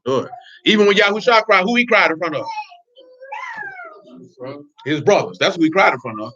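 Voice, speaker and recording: Fast, blunt street-talking male preacher. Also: high voice, lively intonation, bright, forceful tone. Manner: streetwise, blunt, laughing asides. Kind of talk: informal religious teaching. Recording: dull lo-fi recording.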